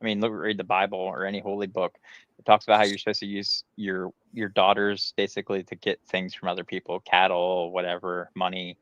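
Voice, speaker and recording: A man's voice: sits low, little pitch movement, a little fast, fairly bright tone, dry recording. A man co-hosting a live stream, talking crudely and lecturing on his points. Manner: lecturing, profane. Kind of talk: casual crude chat. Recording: dull, dry lo-fi mic.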